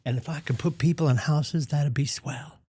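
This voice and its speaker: A man's voice: on the high side, steady tone, normal speed, warm tone, a little hiss or hum, close to an everyday voice. A man putting on a Southern Belle accent to play a gushing, eager new female real estate agent. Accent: put-on Southern Belle.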